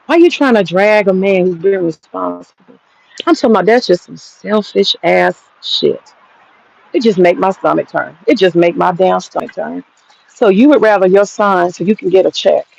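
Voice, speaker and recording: A woman's voice: on the low side, moderate pace, vocal fry, a little mellow, lo-fi sound. An American woman hosting a livestream, ranting bluntly and profanely while reading the chat. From United States. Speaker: livestream host.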